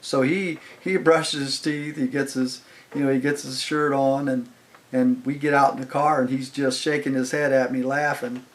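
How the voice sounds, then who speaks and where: An older man spins a long, casual anecdote at his own loose pace. His voice sits at an ordinary middle pitch, and his telling wanders with fillers and restarts as he recounts what happened. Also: level tone, normal speed. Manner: rambling, conversational, heavy on "I was like" and fillers. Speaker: channel host telling stories. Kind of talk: casual storytelling.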